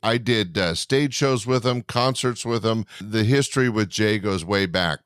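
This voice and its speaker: A man's voice: a little slow, fairly bright tone, smooth, no echo, clean studio sound. A man hosting a comedy podcast, introducing the sets in an upbeat promo manner. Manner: friendly, upbeat promo pitch. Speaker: podcast host and club owner.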